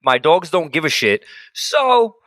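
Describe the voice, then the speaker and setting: A man's voice: a little high, sing-song, unhurried, a bit bright, no echo. A young man hosting a podcast, chatting casually with friends in a laid-back way, often restarting his sentences. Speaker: podcast host. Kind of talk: casual chat. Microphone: studio mic.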